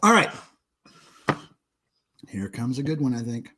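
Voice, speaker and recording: Rowdy, lively-voiced man joking with chat. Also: medium pitch, unhurried. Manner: rowdy and crude, laughing often, joking with chat viewers. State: drinking beer, belching. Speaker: livestream host. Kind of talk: casual livestream chat reading viewer comments.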